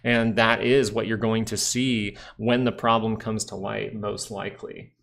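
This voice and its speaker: Nasal, gravelly man talking stock charts. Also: fairly low pitch, unhurried. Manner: relaxed, rambling, talks to chat viewers. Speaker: stock market livestream host. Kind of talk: casual live market commentary.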